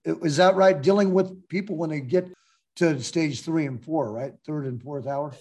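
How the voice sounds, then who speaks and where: A man's voice: a little high, normal speed, a little mellow. A man hosting a podcast, asking questions in an easygoing way with loose, run-on phrasing. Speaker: podcast host. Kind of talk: casual interview questions.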